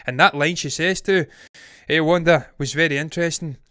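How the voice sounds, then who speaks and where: A male co-host with a smooth, clear voice that sits a bit high for a man. He is chatty, laughs easily, and sounds close and dry on the mic. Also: a little fast, a bit bright, no echo. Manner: chatty, laughs easily, reads quotes aloud. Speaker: podcast co-host. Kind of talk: casual film review chat.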